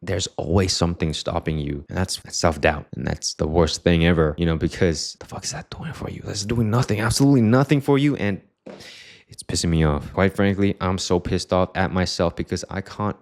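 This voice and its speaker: A man's voice: low voice, fairly quick. A young man talking frankly in a personal vlog, swearing often, rambling and restarting his sentences. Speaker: vlogger.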